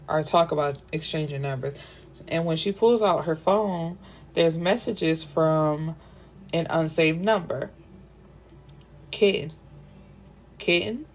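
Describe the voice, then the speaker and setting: A young woman talks through a book in a casual, chatty review, full of slang and side notes. Her voice sits on the lower side for a woman. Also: a little mellow. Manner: chatty, giggly asides, slangy.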